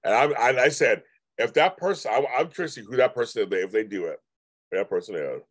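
Animated and quick, a man with a husky mid-range voice hosts a casual livestream. He rambles and repeats himself while reading and replying to viewer comments, with no echo in the audio.

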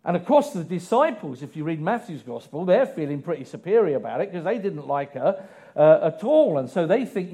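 A man preaching a sermon in an animated way, putting questions to the congregation. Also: a little high, a little fast, few pauses, husky. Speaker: pastor.

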